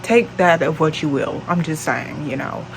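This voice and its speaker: Blunt, low-voiced woman telling a story. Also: moderate pace, creaky, background noise. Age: late 20s. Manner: blunt, profane, exasperated. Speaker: vlogger. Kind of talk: storytime vlog.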